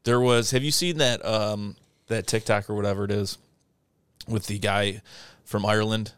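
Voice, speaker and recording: A man's voice: on the low side, fairly even intonation, moderate pace, fairly bright tone, smooth, no echo. A man co-hosting a podcast in casual chat, joking, swearing and laughing often. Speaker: podcast co-host.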